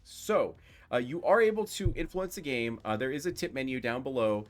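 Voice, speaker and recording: A man acts as game master for a streamed tabletop role-playing session, easygoing and full of little fillers as he sets the scene. Soft music plays faintly behind him. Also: medium pitch, moderate pace. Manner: relaxed, filler-heavy talk.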